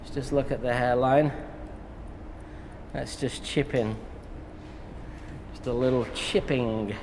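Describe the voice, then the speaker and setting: A man from England working as a hairdresser, talking a live audience through a haircut in a relaxed, jokey way. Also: medium pitch, slow pace, long reverb tail, slight background noise, poor audio. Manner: relaxed, jokey, talks while cutting. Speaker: hairdresser demonstrating a cut. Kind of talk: live haircut tutorial with banter.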